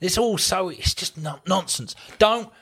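A man's voice: sits high, unhurried, a bit bright, slightly rough. A man, co-hosting a casual podcast chat and ranting with plenty of swearing. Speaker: podcast co-host.

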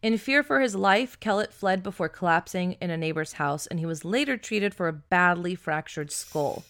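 A woman's voice: on the low side, moderate pace, a bit bright. Chatty woman telling a true crime story. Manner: chatty, swears freely, many "like"s. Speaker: podcast co-host.

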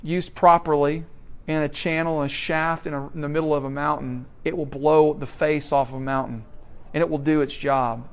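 A man preaching a sermon in a conversational way, asking the congregation questions and moving between quiet and loud. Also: on the high side, little pitch movement, moderate pace, clean tone.

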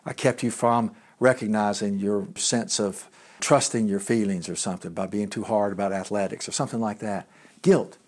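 A middle-aged man giving a conversational sermon as a pastor, talking in a halting way with restarts and asides. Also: lowish voice, fairly even intonation, darkish tone.

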